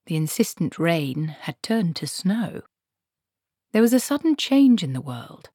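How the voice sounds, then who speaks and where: A woman reading a fantasy audiobook in a steady, measured storytelling manner. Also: lowish voice, breathy edge, no room sound, studio quality. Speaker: audiobook narrator. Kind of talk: scripted fantasy narration.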